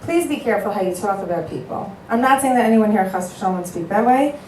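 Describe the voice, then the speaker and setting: A woman matchmaker speaks earnestly to an audience at a quick pace in a medium-pitched voice, telling animated stories and acting out both sides of phone calls. The room is echoey, her voice sits a bit far from the mic, and faint background noise is present.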